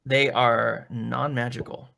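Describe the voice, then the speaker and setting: A man's voice: medium pitch, flat delivery, slow, vocal fry, pushed and bright, a little hiss or hum. A man running a tabletop role-playing game as game master, narrating hesitantly with many restarts. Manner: hesitant, restarts, slips into character voices.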